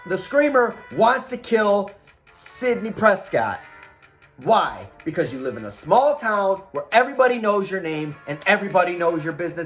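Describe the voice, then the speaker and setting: Guy ranting about horror movies, high voice, swings all over the place, bit of music behind. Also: moderate pace. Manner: animated, rhetorical questions, profane. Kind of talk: casual argumentative monologue.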